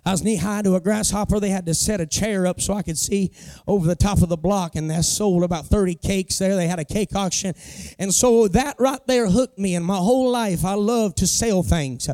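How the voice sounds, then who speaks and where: High-voiced preacher telling stories. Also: male voice, moderate pace, mellow, dry recording, clean studio sound. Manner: folksy storytelling with homespun sayings. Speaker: pastor. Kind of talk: sermon testimony.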